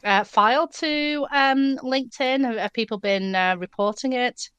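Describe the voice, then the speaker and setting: Woman co-host, very smooth voice, dry close sound, hesitant. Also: high-pitched, unhurried, a bit bright, no room sound, dull audio. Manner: hesitant, full of ums and uhs. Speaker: podcast co-host. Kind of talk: casual podcast chat.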